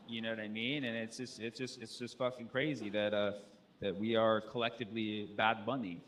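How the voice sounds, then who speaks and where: A man performing a stand-up set, rambling loosely and acting out other people with loud shouted bursts. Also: mid-range voice, a little fast, a little hiss or hum. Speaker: stand-up comedian. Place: comedy stage.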